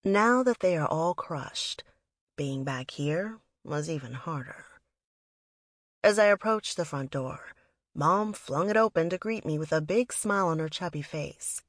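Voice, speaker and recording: A woman's voice: sits low, expressive, a little slow, no room sound, studio quality. A woman reading a first-person story aloud in a reflective, wistful manner. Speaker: audiobook narrator. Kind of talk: first-person scripted narration.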